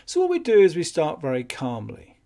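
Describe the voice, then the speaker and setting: Sales trainer guy, calm and matter of fact, bit higher voice. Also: fairly quick, creaky. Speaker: business skills trainer. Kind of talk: instructional talk on phone sales.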